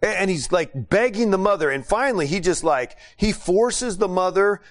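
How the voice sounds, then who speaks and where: A man preaching a sermon and telling a mission story, animated and prone to restarts. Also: sits high, moderate pace. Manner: animated, acts out quotes, many restarts and fillers.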